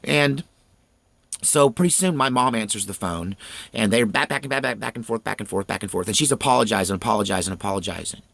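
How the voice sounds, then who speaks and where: A man's voice: fairly low pitch, quick pace, creaky, fairly bright tone, no echo. A man in his fifties telling a personal story in a folksy, earnest, conversational way.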